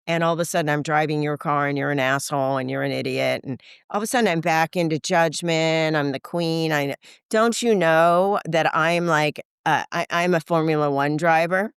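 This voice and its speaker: Older lady on a podcast, low voice, dry close sound, swears and does little voices. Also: fairly quick, clean tone, no room sound. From United States. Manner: animated, acts out voices in her stories; frank, swears casually. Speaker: podcast guest. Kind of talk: candid conversational interview.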